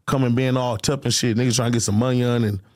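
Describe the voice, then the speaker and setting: A man's voice: medium pitch, fairly even intonation, fast talker, a little mellow, dry recording, clean studio sound. A young man with a Houston accent, a rapper as the interview guest, telling loose slangy stories in casual chat. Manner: loose, slangy, rambling storytelling.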